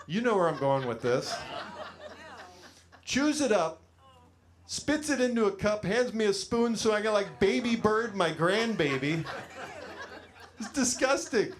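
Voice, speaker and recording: Rambling stand-up man, slightly high voice. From California. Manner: rambling self-deprecating storytelling with many fillers. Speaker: stand-up comedian. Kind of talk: stand-up comedy set. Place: small studio stage with a live audience.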